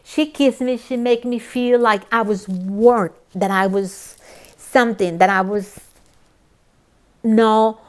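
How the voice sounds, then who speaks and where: A woman's voice: a little high, steady tone, takes it slowly. Earnest middle-aged woman telling her story. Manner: emotional, repetitive, earnest. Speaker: church member sharing her story. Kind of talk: personal testimony.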